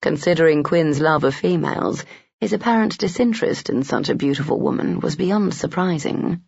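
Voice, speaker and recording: A man narrates a historical romance in a steady, even storytelling manner. His voice is gravelly and husky, and the recording is dry and muffled with a lo-fi edge. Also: a little high, normal speed, dry recording. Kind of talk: audiobook narration of a romance novel. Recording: dull lo-fi dry audio.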